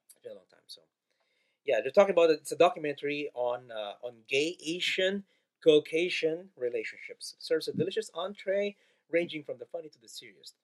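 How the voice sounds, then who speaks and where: A man hosting a podcast in casual chat, lively and often restarting his sentences. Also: fairly high pitch, a little fast, low-quality recording. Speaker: podcast host.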